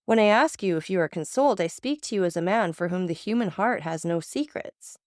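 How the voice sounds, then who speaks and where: Melancholy count, read by a woman, grave, calm and measured, audiobook, dry close sound. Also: lowish voice, no echo, natural voice. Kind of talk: audiobook reading.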